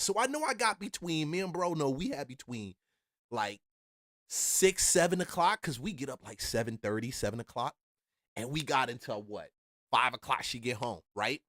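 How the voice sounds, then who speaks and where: A man from Philadelphia tells a story with plenty of street slang and laughing asides. His voice sits fairly high for a man and swoops all over. The sound is dry and close, with no room around it. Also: a bit bright, no echo. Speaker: reaction channel host. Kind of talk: casual storytelling.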